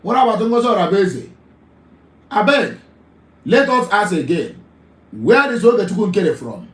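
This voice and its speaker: A man's voice: high-pitched, big pitch swings, normal speed, echoey room, low-quality recording. A Nigerian man hosting a live call-in talk show, emphatic, often repeating his phrases.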